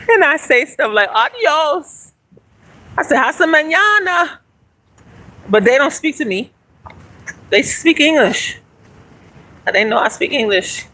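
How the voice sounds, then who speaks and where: This livestreamer, in their forties, rambles casually into a handheld phone while out walking and exercising. Their voice sits at medium pitch and sounds a bit bright, though the recording quality is low.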